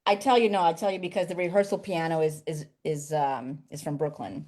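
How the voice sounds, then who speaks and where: A woman who writes poetry for children, chatting lively in an interview over a video call. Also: sits low, a little fast. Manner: lively, chatty, laughs easily. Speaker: children's poet and author. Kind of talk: casual interview chat.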